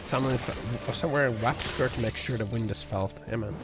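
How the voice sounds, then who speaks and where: With music playing under him, a man on a livestream riffs on what his viewers type, sarcastic and foul-mouthed, rambling and stuffed with fillers. He talks fairly quickly in a mid-range voice.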